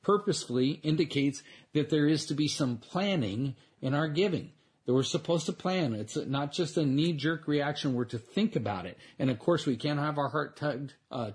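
A man with a husky, slightly breathy voice preaches an earnest sermon. He speaks in a conversational way and often restarts his phrases. His pitch sits in an ordinary middle range for a man. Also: darkish tone. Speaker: pastor.

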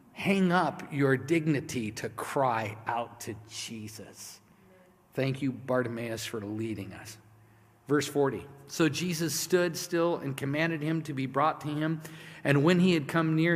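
A man preaching a sermon as pastor, swinging from hushed, quiet lines to loud, passionate ones. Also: a little high. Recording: long reverb of a large hall.

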